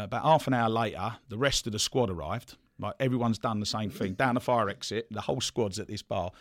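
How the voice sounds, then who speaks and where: Chatty low-voiced man telling stories. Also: no echo, studio quality. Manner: chatty, laughing storyteller. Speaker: podcast guest, former footballer. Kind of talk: casual anecdote telling.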